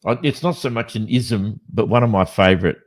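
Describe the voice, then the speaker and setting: Speaking fairly quickly in a lowish voice, an Australian co-host of a podcast chats casually from Western Australia, spinning animated, meandering stories that keep starting over.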